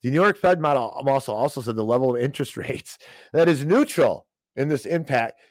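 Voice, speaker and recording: A man's voice: mid-range voice, brisk, no room sound. A man hosting a financial news show, giving sarcastic, ranting commentary on economic headlines and peppering it with "okay?" asides.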